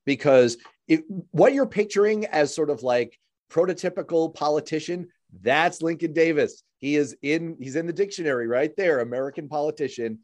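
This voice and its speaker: A man's voice: fairly high pitch, moderate pace, a little mellow. A man hosting a casual interview, chatty and jokey, restarting phrases as he talks. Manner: chatty, jokey, repeats words when starting. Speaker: podcast host.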